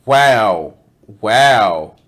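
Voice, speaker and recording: A man streaming himself as he reacts to a video, talking casually and profanely and breaking into sudden loud outbursts. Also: fairly low pitch, animated, very slow. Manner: reads out donation thanks.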